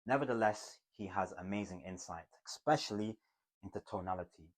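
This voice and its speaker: A man teaching communication skills to camera in an emphatic, motivational way, swinging between loud bursts and hushed asides. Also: fairly low pitch, brisk. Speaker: communication coach.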